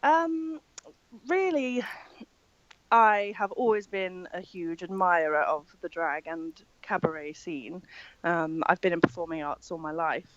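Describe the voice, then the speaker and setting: A woman's voice: on the low side, unhurried, dry recording, dull audio. A woman and drag performer answering interview questions, upbeat and giggly with polished diction.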